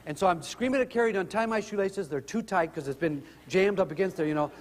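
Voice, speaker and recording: A middle-aged man telling humorous family stories in an animated way to an audience. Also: fast, long reverb tail. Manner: animated, rises in pitch when excited. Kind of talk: humorous storytelling talk.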